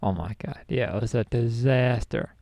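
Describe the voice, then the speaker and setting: A man's voice: mid-range voice, moderate pace, creaky, warm tone, no echo. Young man laughing through a story. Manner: laughs often, acts out quotes. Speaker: podcast co-host. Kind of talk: casual storytelling chat.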